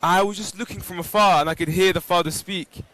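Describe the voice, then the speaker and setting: A man with a somewhat high voice is a guest on a live outdoor broadcast. He tells personal stories reflectively, and his speech is full of small fillers. He is out in the open on a pilgrimage walk. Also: fairly even intonation, a little fast, fairly bright tone, no room sound. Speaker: interview guest.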